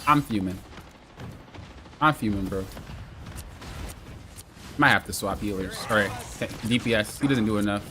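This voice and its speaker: A young man streams a hero shooter, his voice on the low side but bright and forceful, with a slight hiss or hum in the audio. He speaks unhurriedly and pauses often while teasing his teammates in playful, mock-exasperated trash talk.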